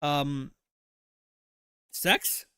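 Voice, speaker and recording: Streamer guy, rambling crude commentary, fairly high voice, dead-dry mic. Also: drawn-out words, pushed and bright, clear, resonant tone, dry recording. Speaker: livestream host. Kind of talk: casual livestream commentary.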